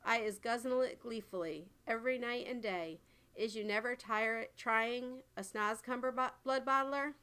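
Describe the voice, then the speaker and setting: A woman voicing a kindly, gentle male giant who talks earnestly in muddled grammar, in a storybook reading. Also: a little high, moderate pace, smooth. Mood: coaxing.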